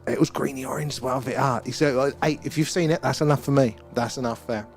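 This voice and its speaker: Casting: excitable male live-stream host, mid pitch, rambling, faint music behind. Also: fast talker. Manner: excitable, rambling, talks to chat viewers by name. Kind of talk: live-stream chat and sky-watch commentary. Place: outdoors at night.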